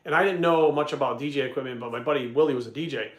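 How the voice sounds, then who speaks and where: Blunt, profane man, coach type; rapid delivery, roomy echo. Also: mid-range voice. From Providence, Rhode Island. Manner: blunt, heavy swearing, rambling asides. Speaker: bodybuilding coach answering questions. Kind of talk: casual storytelling and Q&A. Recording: echoey room.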